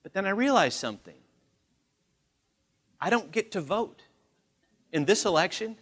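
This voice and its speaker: A man's voice: high voice, a little slow, slightly rough. A man in his forties leading a live communication training seminar, acting out quoted voices as he talks. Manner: animated, acts out quoted voices. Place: large training room.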